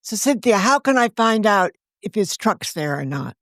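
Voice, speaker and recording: A woman's voice: mid-range voice, sing-song, normal speed, fairly bright tone, no room sound, studio quality, pitched above the performer's own voice. A woman voicing a breezy, sing-songy suburban mother who is hatching a plan. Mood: scheming.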